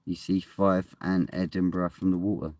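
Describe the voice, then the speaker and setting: A man's voice: deep voice, little pitch movement, moderate pace, darkish tone, dry recording. A man chatting casually on his live stream at home, rambling, laughing often and swearing now and then. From England. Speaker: streamer reading chat. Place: at home indoors.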